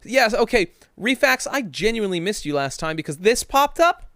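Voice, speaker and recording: A man's voice: high voice, big pitch swings, moderate pace, few pauses, sharp tone, no room sound, studio quality. A man streaming a game live, joking and swearing while reading the game text aloud. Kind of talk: casual live-stream gaming chat.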